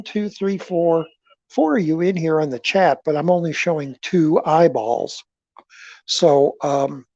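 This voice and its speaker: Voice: medium pitch, a little mellow, no echo, lo-fi sound. A live-stream host chatting in a rambling way with viewers in the chat, often stammering and repeating words while talking about selling a movie collection. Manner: talks directly to viewers in the chat.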